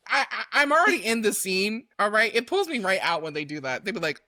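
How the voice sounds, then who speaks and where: Woman podcast cohost, super expressive, bright voice, laughs a lot, goes way up high doing quotes. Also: normal speed, no room sound, studio quality. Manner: animated, laughing, jumps to high pitch acting out quotes. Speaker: podcast co-host. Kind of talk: casual chat.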